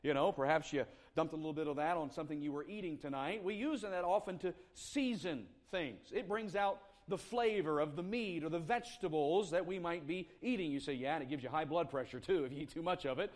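Pastor, male, higher register, earnest sermon delivery with drawn-out quotes. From South Carolina. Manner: earnest preaching, slowing down on scripture quotes.

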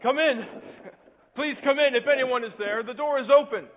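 A man playing a young pastor, hurt but gentle and patient with a boy. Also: sits high, very animated, unhurried, slight background noise. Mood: pleading. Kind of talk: church cantata drama. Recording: tinny lo-fi recording.

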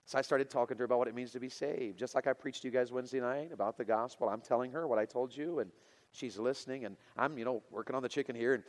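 A pastor telling a story in a sermon to teenagers, getting louder and more excited as he goes. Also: medium pitch, quick pace, in a large hall. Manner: animated, builds to loud excited preaching.

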